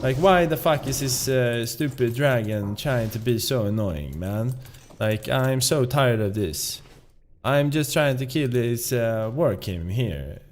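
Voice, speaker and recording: A man's voice: mid-range voice, animated, slow pace, a little hiss or hum. A man playing a frustrated male gamer with a sing-song Swedish accent, swearing at a dragon. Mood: annoyed.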